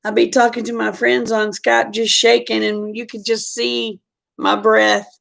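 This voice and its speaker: A woman's voice: on the high side, flat delivery, unhurried, vocal fry, a bit bright. A middle-aged woman telling a personal story in a frank, chatty way. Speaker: vlogger. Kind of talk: casual storytelling.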